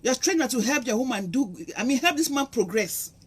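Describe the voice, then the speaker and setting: Her husky, high-pitched voice moves a little fast with lively intonation as this middle-aged vlogger addresses her viewers in Nigerian Pidgin English. The monologue to camera is impassioned and preachy, with quotes acted out.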